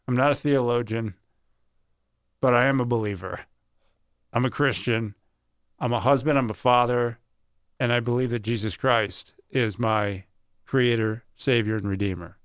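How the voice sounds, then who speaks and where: A middle-aged man, a sportscaster, telling earnest stories from his career in an interview. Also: medium pitch. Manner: earnest, animated storyteller who acts out quoted voices. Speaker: sportscaster guest. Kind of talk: interview storytelling.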